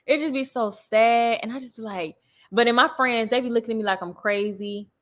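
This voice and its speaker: A woman's voice: fairly high pitch, brisk, fairly bright tone. Chatty young woman on a livestream. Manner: chatty and laughing often, talking straight to viewers. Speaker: livestream host reading viewer comments. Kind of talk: casual chat.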